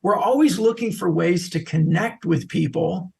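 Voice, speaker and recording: A middle-aged man, a social selling expert, telling lively stories as a podcast guest. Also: high-pitched, moderate pace, vocal fry. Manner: animated anecdotal storyteller. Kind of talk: podcast interview storytelling.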